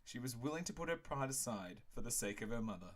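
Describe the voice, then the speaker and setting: A man hosting a game playthrough, reading the story aloud and chatting casually, playful and excitable. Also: mid-range voice, fast. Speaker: let's play host and reader.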